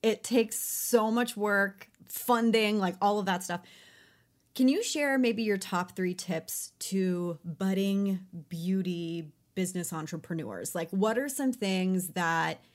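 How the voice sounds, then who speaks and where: A woman's voice: mid-range voice, takes it slowly. A woman hosting a casual interview. She asks her questions with a playful, upbeat energy. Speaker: interview host.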